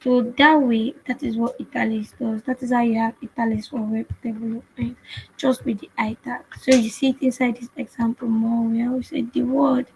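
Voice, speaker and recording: A woman's voice: a little high, level tone, normal speed, a little hiss or hum, rough recording. A woman teaching web development in a screen-share coding tutorial, explaining patiently and repeating herself with frequent restarts.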